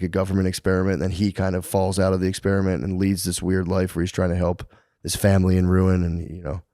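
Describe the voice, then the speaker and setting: A man's voice: low-pitched, warm tone, no echo, studio quality. A man co-hosting a comedy podcast, telling a story in a rambling way with lots of filler words. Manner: rambling storyteller, heavy "like" filler, acts out quotes. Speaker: podcast co-host. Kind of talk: casual comedy podcast chat.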